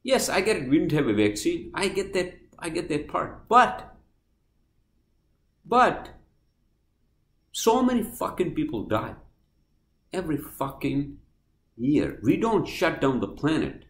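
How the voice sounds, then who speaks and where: A man's voice: fairly high pitch, sing-song, normal speed. Heated podcast rant guy, swearing a lot, voice jumping all over, roomy echo. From New Jersey, US. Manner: angry, profane, swings between loud outbursts and quiet apologies. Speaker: podcast host.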